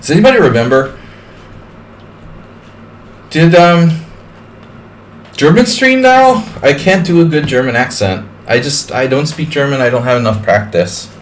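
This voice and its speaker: A man's voice: mid-range voice, moderate pace, long pauses, slight background noise. A man streaming live, giving casual, chatty chess commentary. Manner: chatty, rambling.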